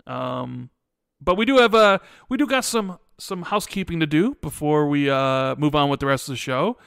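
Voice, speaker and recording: A man's voice: on the high side, lively intonation, moderate pace, creaky, a bit bright, clean tone, dry recording, clean studio sound. A man hosting a podcast, chatty and upbeat, often repeating himself. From Chicago area, USA. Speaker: podcast host. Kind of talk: casual chat.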